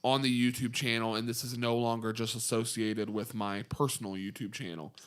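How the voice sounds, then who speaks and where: A man's voice: mid-range voice, fairly even intonation, brisk, clear, resonant tone. A young man chats through a casual podcast as co-host. He rambles, restarts his sentences and pokes fun at his own mistakes, in a mid-range voice. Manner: rambling, restarts and fillers, self-deprecating.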